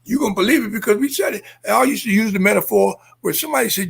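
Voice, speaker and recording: High, gravelly older man telling stories. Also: racing, hardly any pauses. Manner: emphatic, checks in with 'Okay?' and 'Understand?'. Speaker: guest, activist and former Olympian. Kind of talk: impassioned storytelling.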